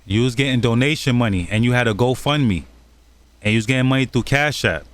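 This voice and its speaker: A man's voice: mid-range voice, a little fast. A man hosting a channel, talking over clips in an accusatory, scolding commentary. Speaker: channel host.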